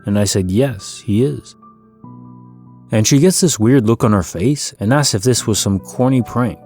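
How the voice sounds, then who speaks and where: A man with a fairly low voice reads a first-person story in a calm, soothing, scripted way meant to lull listeners to sleep. Soft music sits faintly underneath his narration. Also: brisk. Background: faint background music.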